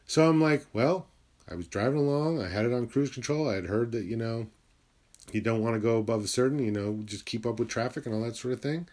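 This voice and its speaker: A man's voice: mid-range voice, brisk. A middle-aged man hosting a podcast, telling a rambling story with lots of swearing and acted-out quotes. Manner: profane, animated, acts out quoted voices. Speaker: podcast host. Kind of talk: casual storytelling monologue.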